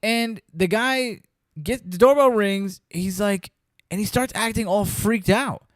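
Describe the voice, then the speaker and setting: Recorded dry with clean studio sound, a man with a high-pitched, unhurried voice hosts a podcast. He chats casually about a movie, performing scenes in quoted voices.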